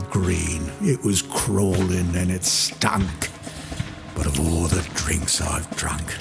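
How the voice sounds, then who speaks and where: Slow gravelly man reciting a poem over music. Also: deep voice. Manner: theatrical, voicing a rough soldier with dropped g's and loud bursts of shouting. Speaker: poetry reader. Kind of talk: dramatic poetry recitation. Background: music score.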